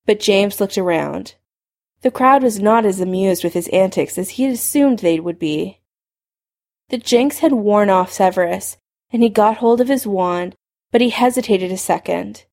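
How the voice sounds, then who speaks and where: A woman narrating a fan fiction story in a steady storytelling voice. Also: mid-range voice, moderate pace, vocal fry. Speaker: reader.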